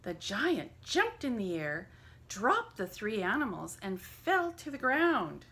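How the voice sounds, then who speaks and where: Bright, slow-paced woman storyteller. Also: mid-range voice. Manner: expressive storyteller. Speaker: church family program leader. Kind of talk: reading a children's story aloud.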